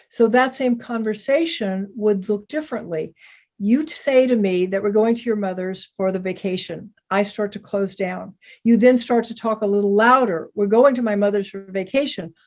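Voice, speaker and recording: A woman speaking calmly and deliberately, explaining how to stay open in difficult conversations. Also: fairly high pitch. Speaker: psychiatrist teaching communication. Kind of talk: calm explanatory talk.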